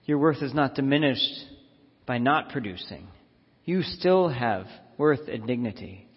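Reflective preacher in an echoing sanctuary. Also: male voice, mid-range voice, animated, measured pace, breathy edge. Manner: reflective, repeats phrases for emphasis. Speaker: minister. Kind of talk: sermon. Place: church sanctuary. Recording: dull lo-fi audio in a reverberant sanctuary.

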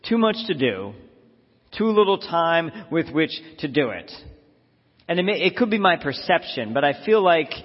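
A man's voice: a little high, husky. A man giving a sermon as a minister, reflective and repeating phrases for emphasis. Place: church sanctuary. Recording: dull lo-fi audio in a reverberant sanctuary.

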